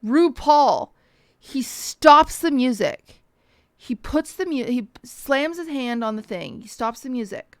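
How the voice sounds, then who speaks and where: A woman's voice: high-pitched, slow, dry recording, clean studio sound. A young woman streamer casually telling a story to her chat, acting out the people she quotes and swearing freely. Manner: animated, acts out quoted voices, swears casually.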